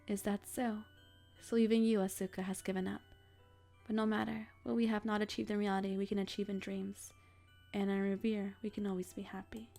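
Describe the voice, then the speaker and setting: Game read-through: woman reading as a sad, quiet young prince figure, soft delivery, slight gravel. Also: medium pitch, level tone, fairly quick, soft background music, lightly acted. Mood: melancholy. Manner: quiet, melancholy, pleading. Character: brooding young man, a fallen dreamy prince. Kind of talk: reading a visual novel aloud.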